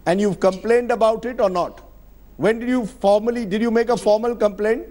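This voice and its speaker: A man's voice: high voice, fairly even intonation, a little fast, warm tone. A man as a news anchor, pressing his guest with questions and summarizing her answers back to her.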